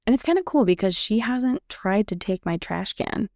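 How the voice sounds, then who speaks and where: Chatty woman with a gravelly edge. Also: mid-range voice, animated, normal speed, darkish tone, dry recording, studio quality. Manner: chatty, reenacts quoted dialogue. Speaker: podcast host. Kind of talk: casual storytelling monologue.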